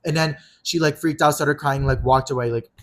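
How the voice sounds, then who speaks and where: A man's voice: a little high, steady tone, fairly quick. A man co-hosting a podcast, telling a heated personal story in casual, profanity-laden chat. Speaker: podcast co-host.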